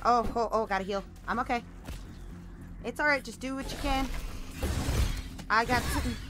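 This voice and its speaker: A woman hosting a co-op gameplay session, playful and excitable, chattering, singing and shouting at the game. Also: fairly high pitch, moderate pace, background noise. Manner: playful, excitable, breaks into sing-song and shouts. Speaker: gaming channel host.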